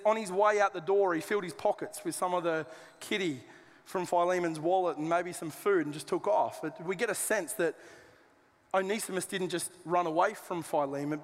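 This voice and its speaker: A man's voice: sits high, in a large hall. A man preaching a sermon as a pastor, conversational and joking with colloquial asides. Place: church auditorium.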